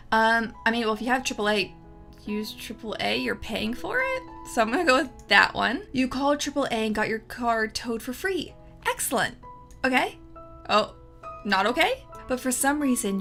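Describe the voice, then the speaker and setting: A young woman gives chatty, sarcastic commentary as she plays through a video game and reads its text aloud. Her voice is bright and sits a little high, with faint music underneath. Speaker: let's play host. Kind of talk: casual gameplay commentary.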